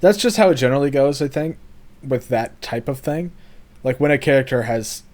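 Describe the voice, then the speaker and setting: A laid-back man from Alabama with a mid-pitched, ordinary voice. He rambles through his sentences as a podcast co-host, often trailing off into a low mumble. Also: animated, brisk, a little mellow. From Alabama, USA. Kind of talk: casual podcast chat.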